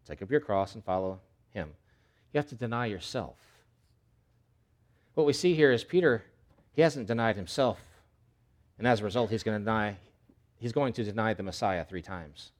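A male pastor preaching a sermon in an animated, conversational way, with emphatic repetition. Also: lowish voice, normal speed, pauses often.

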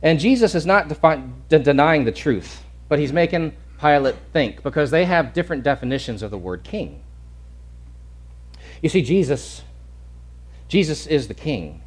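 A man's voice: on the high side, animated, moderate pace, slightly rough. A male pastor preaching a sermon in an earnest, emphatic way, often restarting and repeating words.

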